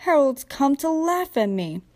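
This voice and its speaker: A woman's voice: high voice, animated, takes it slowly, voice pushed up. A young woman voicing a small, eager boy steam engine in a storybook reading, shivery and breathless. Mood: cheerful. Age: young adult. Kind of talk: storybook character voice.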